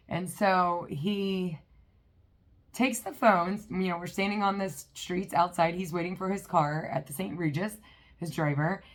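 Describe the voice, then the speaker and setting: A woman vlogger telling a personal story in a chatty, rambling way, with many fillers. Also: fairly low pitch. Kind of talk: casual storytelling.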